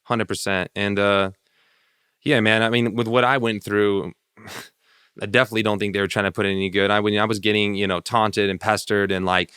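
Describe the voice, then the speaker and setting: A laid-back man chatting as a podcast guest, his voice sitting a little low. He talks fast and sounds crisp and clean on a dry studio mic, swearing easily and dropping "dog" into his sentences. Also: flat delivery, fairly bright tone, dry recording. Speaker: podcast guest, former nightclub promoter. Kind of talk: casual chat.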